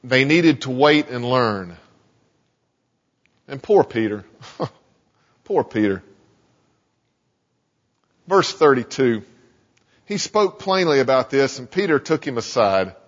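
A man preaching a sermon in a conversational, animated way, in a church sanctuary. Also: mid-range voice. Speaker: pastor. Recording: dull lo-fi sound in a reverberant hall.

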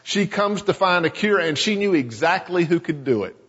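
A male pastor preaching in a church sanctuary, with a slightly husky voice that rises and falls with lively, animated pitch. The recording is dull and lo-fi, and a long echo hangs in the room. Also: moderate pace. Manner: storytelling, dramatizing scripture. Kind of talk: sermon.

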